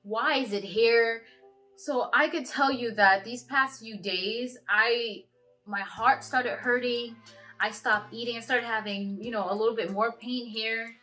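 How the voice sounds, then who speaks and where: A woman in her twenties with a bright, slightly high voice tells a personal story to camera. She speaks in a halting, earnest way, with many restarts. Soft music plays faintly behind her. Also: steady tone. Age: 20s. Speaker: vlogger.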